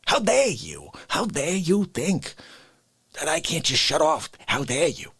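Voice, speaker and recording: A man doing a husky, whispering Bronx tough guy. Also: on the high side, big pitch swings, a little slow, no room sound, exaggerated voice. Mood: ranting. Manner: swings from hushed whispers to shouts. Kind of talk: comedic character monologue.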